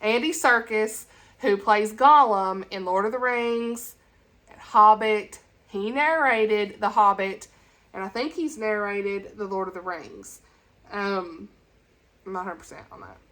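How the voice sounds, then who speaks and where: A woman from talks to camera in an unscripted, rambling way. She gushes about what she loves and keeps her pitch right in the middle. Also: unhurried, a bit bright. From Tennessee, USA. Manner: chatty and rambling, with gushing enthusiasm. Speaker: book vlogger. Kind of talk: casual chat.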